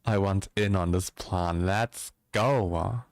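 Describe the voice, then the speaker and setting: A man's voice: low-pitched, slow, no echo, clean studio sound. A man chatting casually with viewers as a livestream host, joking around.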